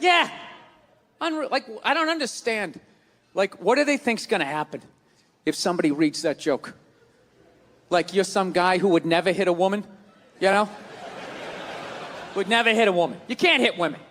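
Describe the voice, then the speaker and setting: High, shouting ranting stand-up man. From US East Coast. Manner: ranting, profane, shouts punchlines. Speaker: stand-up comedian. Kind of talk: stand-up routine. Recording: reverberant hall with steady noise.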